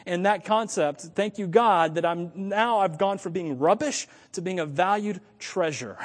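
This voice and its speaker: Animated high-voiced man preaching in a hall. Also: measured pace, hardly any pauses. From United States. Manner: animated, self-correcting, thinks aloud. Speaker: pastor. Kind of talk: sermon.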